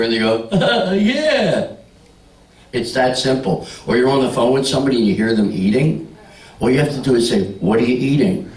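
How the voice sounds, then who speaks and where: A man's voice: medium pitch, a little mellow. Man, sixties, stand-up comic, storytelling and crowd work, roomy sound, distant mic. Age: 60s. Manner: storytelling with punchlines, talks to the crowd. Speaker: stand-up comedian. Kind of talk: stand-up set at a party. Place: party room with a live audience.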